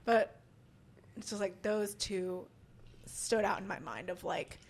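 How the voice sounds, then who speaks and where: A woman stand-up comedian from Chicago chatting on a podcast, telling animated stories, swearing freely and acting out what people said. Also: mid-range voice, slow, gravelly. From Chicago, USA. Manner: animated storyteller, swears freely, acts out quotes. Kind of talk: casual podcast chat.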